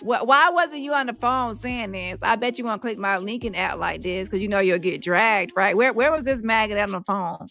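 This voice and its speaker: With a mid-range, slightly bright voice, vocal fry and hardly any pauses, a streamer mocks a rival at a moderate pace while addressing her audience directly. It's heated reaction commentary over faint background music.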